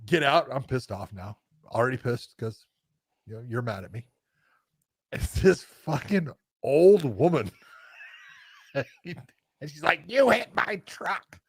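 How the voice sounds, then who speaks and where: A man's voice: mid-range voice, slow, long pauses, husky, no room sound. A man co-hosting a podcast, telling a story in casual chat, laughing as he talks and acting out the quotes. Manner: animated storyteller, laughs mid-sentence, acts out quotes. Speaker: podcast co-host.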